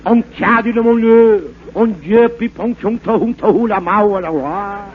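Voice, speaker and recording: An actor playing a bumbling fake French professor, in rambling, stammering comic patter for a 1940s radio comedy. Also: male voice, high-pitched, a little slow. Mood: mock-lecturing. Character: bumbling fake French professor, fast-talking huckster man. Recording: narrow-band scratchy 1940s radio broadcast.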